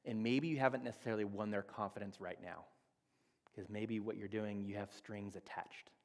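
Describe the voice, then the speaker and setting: A man's voice: lowish voice, fairly even intonation, normal speed, gravelly, a little mellow. Man teaching in a reverberant church. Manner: conversational teaching, acts out quoted dialogue. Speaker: church speaker. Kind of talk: sermon on relationships. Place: church sanctuary. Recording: long reverb of a church hall.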